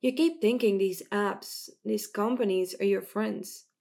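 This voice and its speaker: A woman's voice: mid-range voice, a little slow, gravelly, darkish tone. A woman voicing a nerdy, sarcastic teen boy. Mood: serious. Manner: sarcastic, earnest.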